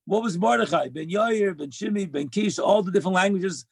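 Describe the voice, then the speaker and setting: A man's voice: sits high, brisk, creaky, few pauses, breathy edge, no echo. A man giving a heartfelt religious talk, earnest and emphatic, repeating key phrases as he shares Torah lessons. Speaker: speaker sharing Torah lessons.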